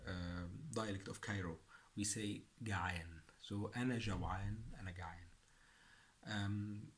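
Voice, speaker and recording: Man w a fairly low voice, teaching phrases slow and careful, says every word twice. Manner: slow and deliberate, repeating each word for learners. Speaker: Arabic language teacher. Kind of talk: language lesson for beginners.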